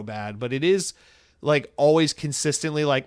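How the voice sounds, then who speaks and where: A man around thirty talks alone on his podcast in an easy, rambling way. His pitch sits in the middle for a man. He speaks candidly, swears without a second thought and slips into quick impressions of the people in his stories. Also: animated. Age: 30s. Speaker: podcast host. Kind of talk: casual solo podcast monologue.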